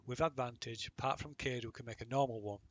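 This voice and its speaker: A man's voice: medium pitch, fast talker, muffled recording. A man running a tabletop game as game master, reading out rules and narrating the action, laughing often.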